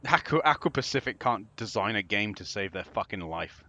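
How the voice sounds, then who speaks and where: A man's voice: fairly low pitch, lively intonation, normal speed, pushed and bright. A young man giving casual gameplay commentary, sarcastic and exasperated, swearing freely as he plays. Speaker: game commentator.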